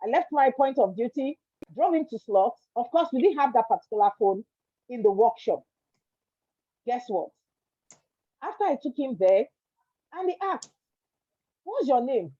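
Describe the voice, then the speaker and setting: A woman's voice: a little high, very animated, moderate pace, long pauses, warm tone, husky, no room sound, muffled recording. A Nigerian woman, a guest entrepreneur, telling her story in an interview, earnest and emphatic, repeating words for stress.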